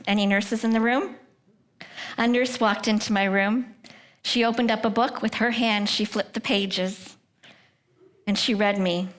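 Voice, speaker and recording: A middle-aged woman of medium pitch tells the story of her faith at a prayer breakfast, earnest throughout. Often her voice falls to a hushed whisper, and she turns to the audience with pointed questions.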